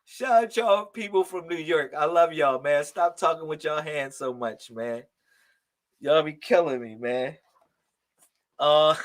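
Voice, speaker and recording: A man hosting a casual live stream of psychic readings, talking loud and slangy, laughing and calling out to viewers. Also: a little high. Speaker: livestream host giving psychic readings.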